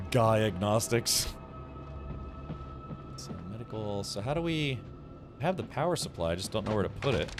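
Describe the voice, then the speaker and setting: A man streaming a video game, chatting casually with viewers and reacting out loud as he plays. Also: fairly low pitch, lively intonation, moderate pace, long pauses. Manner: casual, rambling, reacts aloud while playing. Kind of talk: gaming livestream commentary, chatting with viewers. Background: game music.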